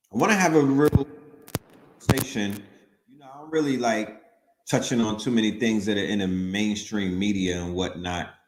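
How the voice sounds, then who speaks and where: A man hosting a casual livestream, talking loosely in slang straight to his audience. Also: fairly low pitch. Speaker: host. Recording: roomy echo.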